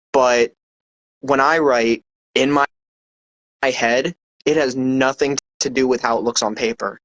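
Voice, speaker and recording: Poet guest, male, confident and emphatic, keeps asking "right?", mid pitch, dry close mic. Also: no echo, rough recording. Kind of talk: casual interview chat.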